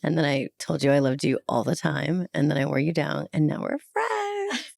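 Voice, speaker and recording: A woman psychologist as a podcast guest, relaxed and dryly joking. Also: low voice, a little fast, vocal fry, no room sound, clean studio sound. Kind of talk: casual podcast interview.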